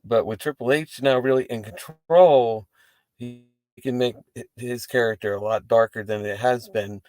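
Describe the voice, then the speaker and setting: A man hosts a wrestling post-show from inside his parked car, chatting to the camera in a rambling, profane way with animated asides. His voice sits at an ordinary middle pitch. The sound is close and dry, with no room echo. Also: normal speed. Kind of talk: casual talk to camera.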